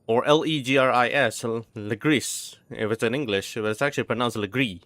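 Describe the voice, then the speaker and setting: A man's voice: mid-range voice, fast talker, fairly bright tone, dry recording. Rambling young man streaming a game. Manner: rambling, many restarts, sounding out words. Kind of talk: casual stream chat.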